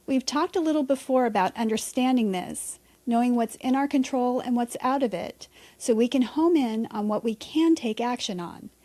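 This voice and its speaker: A woman's voice: a little high, mellow. A woman hosting a reflective solo podcast, talking candidly and conversationally with a bit of mild swearing. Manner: candid, conversational, mildly profane. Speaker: podcast host.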